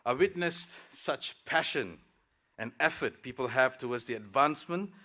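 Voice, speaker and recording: Delivering a prepared, formal graduation address dotted with light jokes, the student speaker, a man in his thirties with a professional career, talks into a podium microphone. His medium-pitched voice is bright and forceful, lively in intonation, at normal speed.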